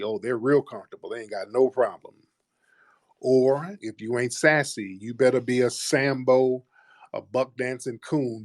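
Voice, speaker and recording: A man's voice: medium pitch, dry recording, studio quality. A man hosting a live call-in show, talking in a blunt, preachy, confrontational way. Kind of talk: heated casual talk.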